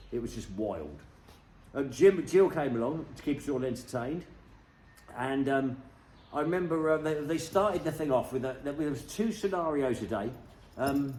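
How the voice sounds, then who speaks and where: A man's voice: medium pitch, darkish tone. A middle-aged man from Britain telling rambling, jokey stories to camera and chatting to his dog between them. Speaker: vlogger. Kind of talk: casual storytelling to camera. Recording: echoey room with some noise.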